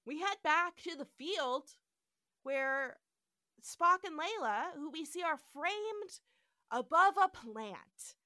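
Lively high-voiced woman recapping casually. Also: takes it slowly, no echo, studio quality. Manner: animated retelling, acts out quoted lines, swears casually. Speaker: podcast co-host.

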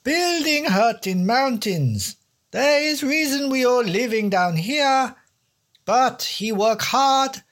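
A man's voice: extremely high pitch, lively intonation, takes it slowly, a bit bright, voice pushed up, full character voice. A man reading a story aloud and voicing a blunt Norwegian villager and boatman who speaks broken English with a put-on Norwegian accent.

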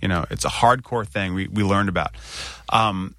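A man's voice: deep voice, moderate pace, bright, forceful tone, dry recording, clean studio sound. A man casually telling a story on a podcast, acting out his own anxious outbursts.

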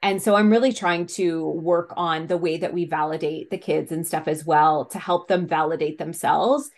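A woman's voice: low voice, steady tone, moderate pace, darkish tone. A mother speaking as a podcast guest, earnest and reflective, with frequent "like" fillers. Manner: earnest, reflective, uses 'like' often. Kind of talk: casual conversation.

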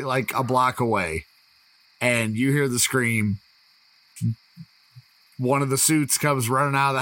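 A man's voice: medium pitch, bright, forceful tone, no room sound, low-quality recording. A man narrating as game master of a tabletop role-playing game, joking and laughing with his players. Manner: laughing, teasing banter.

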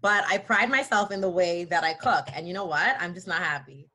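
A woman co-hosting a podcast in casual chat, animated and jokey with mock-dramatic complaints. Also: on the low side, fairly quick. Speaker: podcast co-host.

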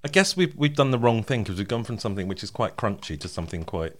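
A man's voice: fairly low pitch, lively intonation, fast, a little hiss or hum. A man hosting a podcast in casual chat, chatty and laughing often. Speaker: podcast host.

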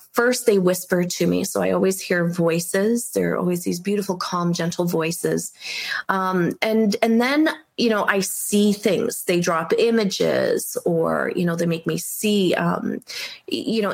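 Middle-aged woman guest, rambling and sincere, slight vocal fry. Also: lowish voice. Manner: earnest, rambling with many fillers and restarts. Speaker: medium, podcast guest. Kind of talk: casual interview talk.

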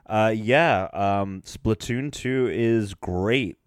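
A man's voice: fairly low pitch, very slow, clear, resonant tone, no echo, clean studio sound. A man in his twenties reviewing games in casual podcast chat, explaining at length with fillers. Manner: relaxed, rambling explanations with fillers. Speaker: podcast co-host, game reviewer.

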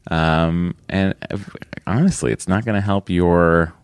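A man's voice: low-pitched, measured pace, clear, resonant tone, no room sound. A man from New England co-hosting a podcast in casual chat, joking and rambling with self-deprecating asides. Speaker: podcast co-host.

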